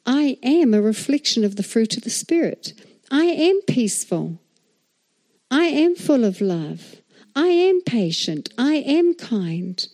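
A middle-aged woman pastor delivers a sermon in a lively, conversational way. She checks in with the congregation at every turn, and her voice stays mellow and warm in tone even as she gets animated. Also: fairly high pitch. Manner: animated, chatty preaching with frequent "all right?" and "amen?".

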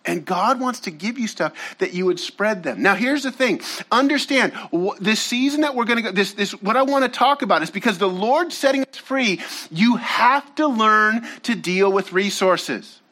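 Male pastor, sermon delivery: high-pitched, lively, conversational storyteller who breaks off to address the crowd directly. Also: normal speed, few pauses. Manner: animated, casual storytelling with slangy asides to the audience.

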